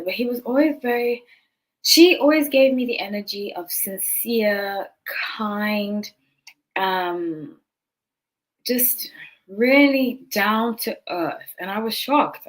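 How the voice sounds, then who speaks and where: A woman's voice: medium pitch, unhurried, poor audio. A woman hosting a tarot channel, telling a personal story to camera in a casual, rambling way, full of asides and self-corrections. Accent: non-local accent noticed by others.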